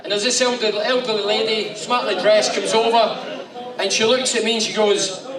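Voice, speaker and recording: A man in his fifties, with a fairly high voice, spins loose, swearing anecdotes for a room of listeners. He sounds far from the mic in an echoey hall, with the crowd around him. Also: fairly quick. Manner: animated, swearing storyteller. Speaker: guest speaker. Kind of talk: after-dinner anecdotes. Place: function room with audience.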